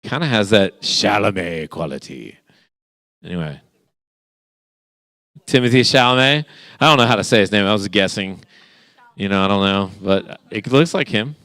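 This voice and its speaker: A man's voice: low-pitched, expressive, a bit bright, dry recording, studio quality. A man hosting a guessing game for a church youth group, playful and teasing with the teens. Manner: playful, teasing, quick back-and-forth with the group.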